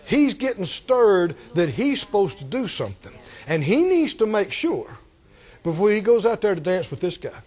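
A man's voice: sits high, moderate pace. A man preaching a sermon as pastor, calling out to the congregation and acting out the voices of Bible characters. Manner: animated, calls out to the congregation, acts out Bible voices.

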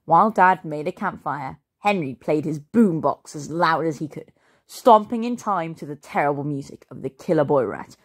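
A woman reading a children's story aloud as a storyteller, expressive and playful. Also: low-pitched, normal speed.

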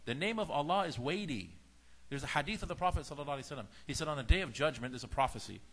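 Animated man giving a religious talk. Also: a little high, very fast. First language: Farsi speaker. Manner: animated storytelling, acts out dialogue in shifting voices. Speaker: religious teacher. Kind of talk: sermon-style lecture.

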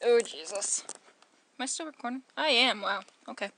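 A woman's voice: fairly high pitch, lively intonation, moderate pace, creaky, a bit bright, a little hiss or hum. A woman giving rambling, playful commentary while playing through a story game and reading its lines aloud. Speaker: let's player. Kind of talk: casual gameplay commentary.

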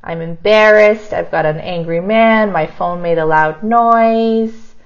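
A woman teacher modeling kindergarten writing, thinking aloud and slowly sounding out each word as she writes. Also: medium pitch, muffled recording. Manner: slow, sounds words out while writing.

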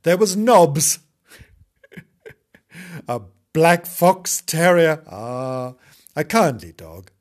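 A husky-voiced man reads a children's story in a mock-sweet tone, breaking off for cheeky asides. His pitch swings widely and sits on the high side. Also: lively intonation, very slow, long pauses. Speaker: comic storyteller. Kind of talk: comic children's book reading with ad-libs.

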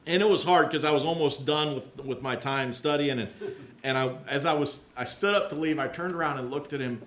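A man's voice: on the high side, a little fast, a bit bright, echoey room, slight background noise. A man preaching a conversational sermon, telling candid, self-mocking stories and acting out the voices of people in them. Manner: candid, self-mocking storyteller who acts out quoted voices. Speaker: pastor. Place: large rented hall used for church services.

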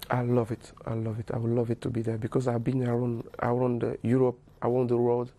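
Soft-spoken man with gravelly voice. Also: mid-range voice, monotone. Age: 30s. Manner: halting, repeats words, many "you know". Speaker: guest footballer. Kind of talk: casual interview chat.

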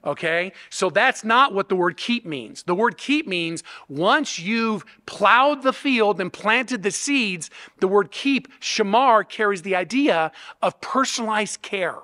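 A high-pitched man preaches a sermon with a bright, forceful tone. He teaches earnestly and keeps checking that his listeners follow along. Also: animated, slow, hardly any pauses, big-room sound. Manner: earnest teaching, with restarts and rhetorical "okay?" and "right?". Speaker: pastor.

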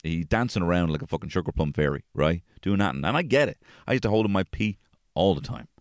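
A man hosting a podcast, telling casual stories about his family, swearing freely and jumping into high-pitched voices when quoting people. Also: fast talker, no room sound, clean studio sound. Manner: swears freely, animated, acts out quotes in a high voice. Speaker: podcast host. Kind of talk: casual storytelling chat.

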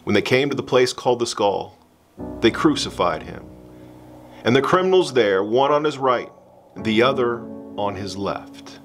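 A male pastor reading a Passion scripture in a slow, measured, solemn way. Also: mid-range voice, lively intonation, soft background music.

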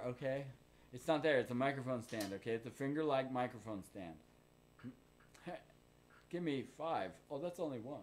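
A man's voice: medium pitch, animated, normal speed, long pauses, a little hiss or hum. An Australian man hosting a casual live studio session, rambling and joking, swearing freely. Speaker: host. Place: recording studio.

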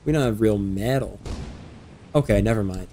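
A man's voice: on the low side, moderate pace, warm tone, a little hiss or hum. Joking man streaming a game. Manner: joking, playfully defiant. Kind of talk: casual gameplay chat.

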